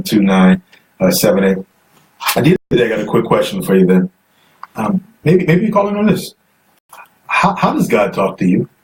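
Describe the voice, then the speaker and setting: A man's voice: deep voice, darkish tone. Chatty man hosting a live call-in stream. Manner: chatty, coaxing viewers to call, reads comments aloud. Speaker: host. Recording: distant mic, faint noise.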